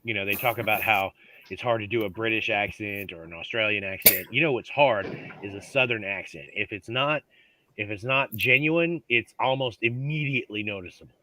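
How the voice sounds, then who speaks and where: A man's voice: fairly low pitch, brisk, sharp tone, a little hiss or hum, low-quality recording. A man hosting a casual online group chat, joking and laughing with friends. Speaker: host.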